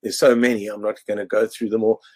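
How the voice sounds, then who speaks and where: A man from South Africa, a cartoonist walking an online audience through his cartoons in a halting way, with many restarts. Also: lowish voice, flat delivery, a little mellow, dry recording. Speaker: cartoonist presenting his annual.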